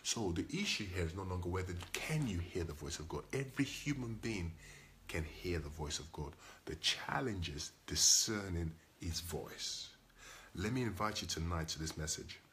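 A man delivers a sermon in a low, deep register. He preaches with insistent repetition and rhetorical questions to his congregation. A faint ambient noise sits under his voice. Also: expressive, moderate pace, a bit bright. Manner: emphatic, repetitive preaching with call-and-response questions. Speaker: pastor.

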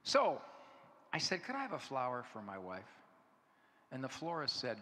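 Man in his fifties, bright lively speaker, storytelling talk in a big echoey hall. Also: medium pitch, moderate pace, long pauses. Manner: animated storytelling, acting out dialogue. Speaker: conference speaker. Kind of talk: humorous talk to an audience. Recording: echoey hall with faint noise.

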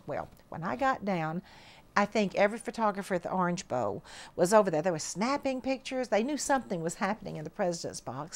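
An older woman telling a personal story with excitement, acting out the people in it and imitating her own tearful stammering. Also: medium pitch. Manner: tearful, excited retelling with lively voice impressions. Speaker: interviewee recalling a memory.

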